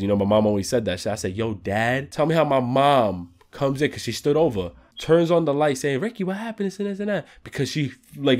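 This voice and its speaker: Young man telling a profane story. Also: a little high. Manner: profane, animated, heavy swearing. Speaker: channel host. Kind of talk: casual storytelling.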